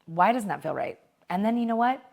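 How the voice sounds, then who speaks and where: A woman's voice: medium pitch, expressive, a little fast, creaky, darkish tone. A woman hosting a podcast, talking candidly in a casual motivational monologue, checking in with "right?" and swearing now and then. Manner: candid, conversational, mild swearing, frequent "right?" check-ins. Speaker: podcast host.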